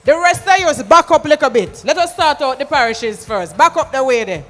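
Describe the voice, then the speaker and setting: Jamaican MC booming through a hall. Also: animated, brisk. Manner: loud, commanding crowd directions, mixing patois. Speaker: event MC. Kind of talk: live event hosting. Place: large conference hall. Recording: hall reverb with music behind.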